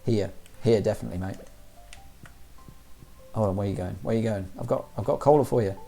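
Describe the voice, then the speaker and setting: A man's voice: lowish voice, a little fast, vocal fry, mellow, faint music behind. A man doing jokey, chatty let's-play commentary as a gaming streamer. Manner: jokey, chatty, mild slang.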